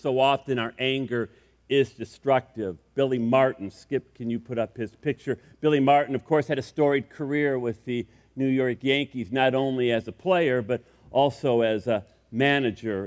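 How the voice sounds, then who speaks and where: A man's voice: medium pitch, in a large hall. A man, the senior pastor, preaching a sermon in a conversational, storytelling way in a church. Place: church sanctuary.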